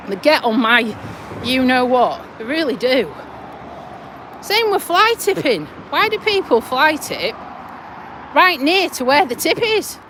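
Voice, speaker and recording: A woman's voice: sits high, fairly bright tone, slight background noise. A woman with a Yorkshire accent, from Lincolnshire, chatting bluntly while walking her dog outdoors, recorded on a handheld phone. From Lincolnshire, England. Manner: blunt, chatty, mild swearing. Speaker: vlogger. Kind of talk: casual walking vlog.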